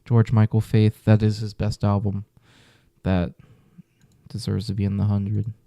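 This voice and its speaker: A man's voice: fairly low pitch, monotone, a little slow, vocal fry, dark tone, no room sound. A man reacting casually to a music list, muttering exasperated, profane comments with whispered asides.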